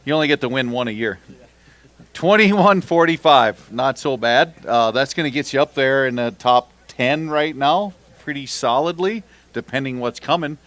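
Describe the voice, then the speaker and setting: A man at mid pitch runs a fishing tournament weigh-in. He calls out weights and banters with the anglers in a joking, upbeat way. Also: moderate pace, hardly any pauses, fairly bright tone, no echo. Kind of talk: live announcing and bantering with anglers.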